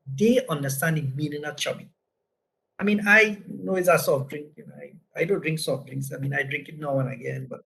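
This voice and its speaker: A man's voice: fairly high pitch, creaky, a bit bright, poor audio. A man from Trinidad with a Trinidadian accent, presenting a business lesson through casual anecdotes and tagging his points with "right?". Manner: conversational, frequent "right?" tags.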